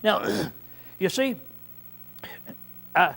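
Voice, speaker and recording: A man preaching a conversational Bible-study sermon, often clearing his throat and checking in with "see?" as he repeats and restarts phrases. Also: sits high, expressive, extremely slow, fairly bright tone. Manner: repetitive, restarts mid-phrase.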